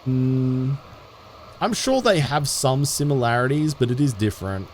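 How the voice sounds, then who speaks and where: While playing a game on stream, a man chats casually with viewers in an expressive, medium-pitched voice, with a little hiss or hum in the background. He comes across as laid-back and rambling, with many restarts and quick laughs.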